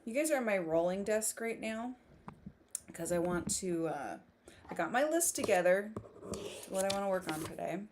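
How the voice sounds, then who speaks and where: A woman's voice: medium pitch, expressive, normal speed, background noise. A woman hosting a casual writing livestream, chatting, laughing often and reading viewer comments aloud. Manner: giggly, reads chat aloud. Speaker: livestream host.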